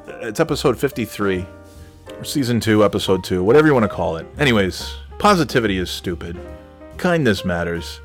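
A man's voice: on the low side, big pitch swings, fairly quick, faint music behind. A man hosting a comedy podcast, rambling loosely and jokingly through the sign-off. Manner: loose, jokey, rambling with filler. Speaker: podcast host.

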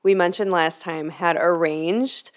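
A woman's voice: lowish voice, steady tone, measured pace. A young woman co-hosting a podcast in casual chat, answering often with "yeah" and leaning on "like". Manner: conversational, lots of "yeah" and "like". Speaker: podcast co-host.

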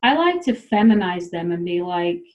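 A woman's voice: on the low side, big pitch swings, normal speed, poor audio. A woman from South Dakota hosting a podcast, chatting loosely and laughing as she acts out what people say. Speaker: podcast host. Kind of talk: casual chat.

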